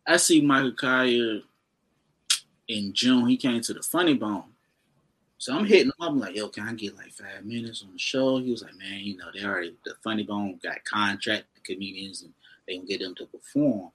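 A man's voice: lowish voice, a little fast, husky, rough recording. A man, a comedian guest, casually telling a story about his start and acting out the people he quotes. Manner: animated storyteller, acts out quotes.

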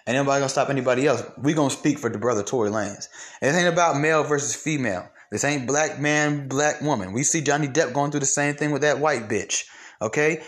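A young man hosting solo commentary, blunt and profane, ranting with mocked quotes. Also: mid-range voice. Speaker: commentary host.

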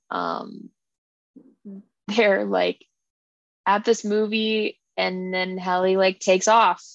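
A woman's voice: medium pitch, vocal fry, dry recording, highs cut off. A woman hosting a book club podcast, casually retelling a plot in a rambling, filler-heavy way.

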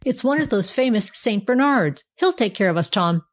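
A woman voicing a gleeful, excitable male andiron with claws in a storybook. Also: mid-range voice, normal speed, lightly acted.

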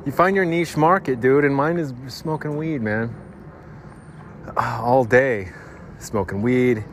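A middle-aged man rambling through a casual podcast monologue at an ordinary pitch, slangy and loose, tossing in "dude" as he drifts between thoughts. A faint hiss sits under the recording. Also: takes it slowly. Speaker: podcast host.

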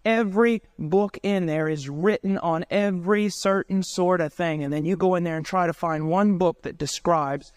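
A man's voice: high voice, moderate pace, hardly any pauses, smooth, dry recording, studio quality. A middle-aged man preaching a sermon, telling a story with passion and building to emotional peaks.

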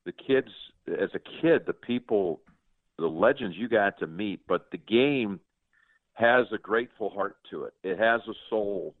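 A man in his sixties, a sports broadcaster, telling stories in an earnest, halting way with many restarts. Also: fairly low pitch, no room sound. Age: 60s. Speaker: interview guest, sports broadcaster. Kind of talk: casual interview storytelling. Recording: tinny dry phone-like line.

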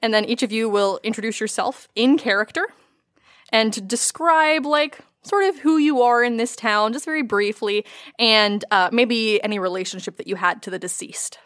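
A woman's voice: a little high, normal speed, fairly bright tone. Chatty woman game master explaining rules. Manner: casual, chatty, lots of "like".

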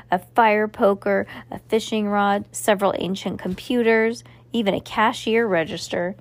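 A woman's voice: mid-range voice, normal speed, hardly any pauses. Woman reading a children's novel aloud. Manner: steady reading with small slips and restarts. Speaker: reader.

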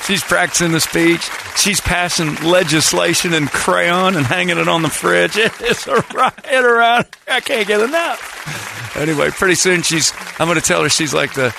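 A man's voice: high-pitched, normal speed, vocal fry, crowd noise, noisy background. A man doing a comedy impression of a gleeful former president who gloats and laughs while mocking his wife. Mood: gloating.

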